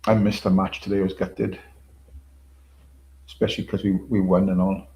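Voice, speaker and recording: A man with a lowish voice hosts a casual livestream chat. He rambles, swears freely and stops often on ums and uhs. His voice rings around an echoey room. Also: little pitch movement, normal speed, warm tone, slight background noise. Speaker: livestream host.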